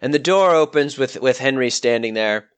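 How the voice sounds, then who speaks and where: A man narrating a tabletop game as game master, in a descriptive, measured way. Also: mid-range voice, animated, clean tone.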